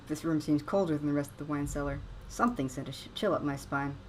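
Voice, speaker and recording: A woman's voice: deep voice, fairly quick, a little mellow, slight background noise, poor audio. A woman giving casual, wry gameplay commentary with chatty, sarcastic asides. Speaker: let's play host.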